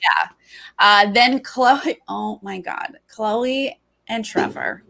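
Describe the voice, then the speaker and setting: A woman's voice: mid-range voice, slow pace, gravelly, sharp tone. A woman hosts a casual chat about a reality competition, her voice in the middle range. She is wry and matter-of-fact, tossing off dismissive asides. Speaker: podcast host.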